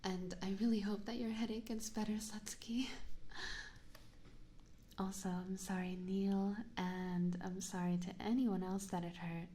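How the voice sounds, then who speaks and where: A woman chatting softly on an ASMR livestream, giggly and apologetic, into a binaural mic. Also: mid-range voice, little pitch movement, moderate pace, few pauses, a little hiss or hum. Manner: soft-spoken, giggly and apologetic. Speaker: ASMR streamer. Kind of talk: casual ASMR livestream chat. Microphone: binaural dummy-head mic.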